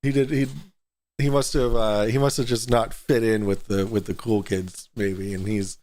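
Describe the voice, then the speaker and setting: A man's voice: lowish voice, level tone, normal speed, darkish tone. A man co-hosting a debate podcast, blunt and mocking, swearing often as he reads chat and jeers. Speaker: podcast co-host. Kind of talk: profane casual debate chat.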